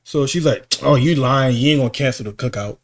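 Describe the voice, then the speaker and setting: A man's voice: mid-range voice, fairly quick. A man co-hosting a podcast, telling a personal story in casual slang with lots of swearing, his voice rising sharply when he gets worked up. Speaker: podcast co-host.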